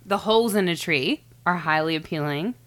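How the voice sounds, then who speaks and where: Low-voiced woman on a chatty podcast, lots of "like" and "um", laughs a lot. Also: moderate pace, a bit bright. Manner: chatty, hedging, laughs often while explaining research. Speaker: podcast co-host. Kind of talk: casual podcast chat.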